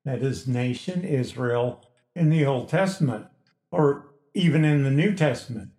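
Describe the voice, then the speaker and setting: A man preaching a Bible-teaching sermon, slow and deliberate, stressing key words emphatically. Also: mid-range voice, animated, warm tone, echoey room. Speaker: pastor. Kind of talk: expository sermon.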